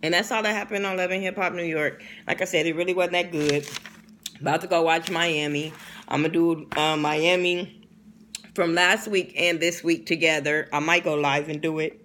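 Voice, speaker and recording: A young woman talks straight to camera in a casual recap vlog. She is blunt, opinionated and profane. Her voice is bright and forward. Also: on the low side, fairly even intonation, normal speed, slight background noise. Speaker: TV reality show reviewer.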